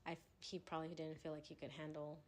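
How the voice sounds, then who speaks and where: A young woman hosting a podcast, telling animated stories in casual chat with laughter. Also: low voice, fast, crowd noise. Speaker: podcast host. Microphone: podcast microphone.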